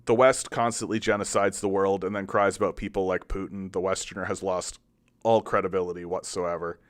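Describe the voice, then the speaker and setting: A man's voice: flat delivery, fairly quick. Heated, profane male commentator. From Canada. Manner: angry, profane, with many restarts and repetitions; sarcastic, mocks opponents in exaggerated high voices. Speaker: political commentary host. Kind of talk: heated political commentary monologue.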